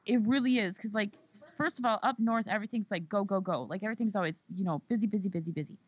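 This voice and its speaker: A woman's voice: medium pitch, fast, breathy edge, no room sound. Chatty, profane woman podcast host. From Southern United States. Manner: profane, chatty, repeats words for emphasis. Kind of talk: casual chat. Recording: slightly dull audio.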